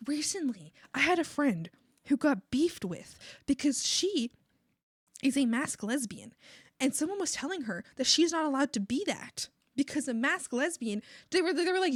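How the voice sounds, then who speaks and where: A young woman artist chatting casually on a livestream while drawing, rambling and animated, often swearing and laughing. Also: high voice, moderate pace, dry recording, studio quality. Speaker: artist streamer.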